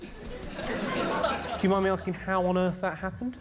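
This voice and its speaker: A middle-aged English stand-up speaks at a normal speed in a high-pitched voice with fairly even intonation. He does crowd work on stage at a comedy venue, dryly and crudely teasing the audience, and the live show is loud with crowd noise.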